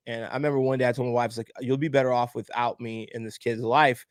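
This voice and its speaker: In this emotional interview, a man on a podcast openly recounts something personal, an animated storyteller who acts out the other voices. His mid-range voice comes at a quick pace, captured in studio quality with no echo.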